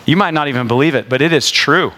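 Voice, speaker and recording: A man's voice: fairly high pitch, fast talker, pushed and bright, a little hiss or hum. A man in his forties preaching a sermon in a conversational, storytelling way, with jokes, asides and frequent restarts. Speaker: pastor.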